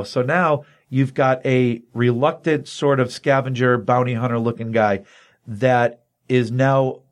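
A man hosting a casual comic book review podcast, retelling the plot in an animated storytelling way. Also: mid-range voice, measured pace.

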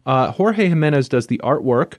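A man's voice: mid-range voice, animated, moderate pace, no room sound. Upbeat male comics reviewer, dry sound. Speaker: podcast co-host, comics reviewer. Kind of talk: casual chat, comic review.

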